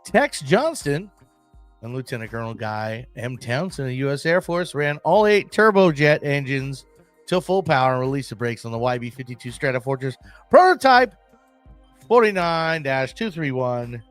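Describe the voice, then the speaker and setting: A male podcast host riffs through aviation history in a rambling, excitable way, peppered with profane maintainer jokes. His voice sits a little high and swings widely in pitch. The sound is dry and close, with faint music in the background. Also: dry recording. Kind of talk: casual solo podcast commentary.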